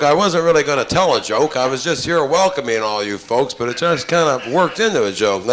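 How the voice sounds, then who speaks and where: A man's voice: fairly high pitch, fairly bright tone. A man hosting a talk show, welcoming the audience in a folksy, self-deprecating way. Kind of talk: stage welcome with jokes.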